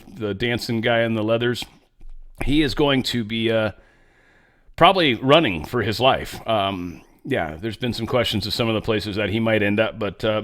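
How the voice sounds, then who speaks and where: A man's voice: mid-range voice, a bit bright, clear, resonant tone. A man hosting a casual political commentary monologue, blunt and rambling, often stammering and repeating words. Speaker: host.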